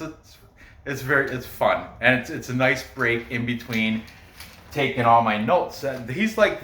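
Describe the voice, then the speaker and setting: A man's voice: medium pitch, sharp tone, reverberant, distant mic. A man hosting a casual podcast about fight picks, rambling with frequent laughs and restarts. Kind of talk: casual chat.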